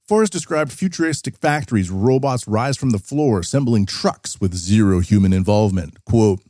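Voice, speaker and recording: A man's voice: on the low side, lively intonation, moderate pace, few pauses, darkish tone, no echo, studio quality. A man hosting a podcast, reading news articles aloud and rambling through sarcastic asides. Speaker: podcast host. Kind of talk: casual news commentary.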